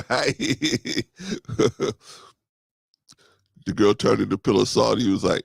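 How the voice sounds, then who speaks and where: Gravelly and husky, this host takes his time with long pauses while casually joking through scripture, laughing frequently and preaching in bursts. His preachy storytelling features sudden pitch jumps, and the clean studio recording has no room sound.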